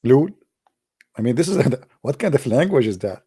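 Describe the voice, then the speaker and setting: A man with an Arabic accent telling stories in broken English, speaking Arabic as his first language, and jumping up high and excited for his punchlines. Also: a little fast, breathy edge. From Arab world. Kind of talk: animated storytelling monologue.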